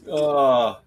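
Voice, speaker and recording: A man's voice: fairly high pitch, very noisy. A man co-hosting a podcast in casual chat, telling stories animatedly and laughing often. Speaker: podcast co-host.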